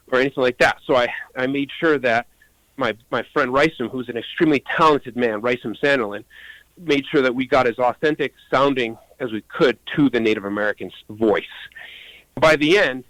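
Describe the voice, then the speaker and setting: A man's voice: medium pitch, a bit bright, no echo, low-quality recording. A man, a puppeteer, answering interview questions eagerly, sometimes repeating words as he starts. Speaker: puppeteer guest.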